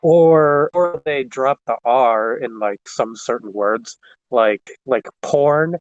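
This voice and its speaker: A man chatting casually as a guest, halting and stumbling over repeated fillers. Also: mid-range voice, no room sound. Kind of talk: casual chat. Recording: dull, dry lo-fi sound.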